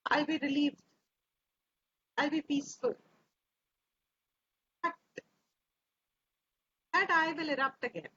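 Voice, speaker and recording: A woman teaching scripture slowly and reflectively, repeating her phrases, over a video call. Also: sits high, pushed and bright. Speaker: Vedanta teacher. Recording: dull lo-fi audio with faint hiss.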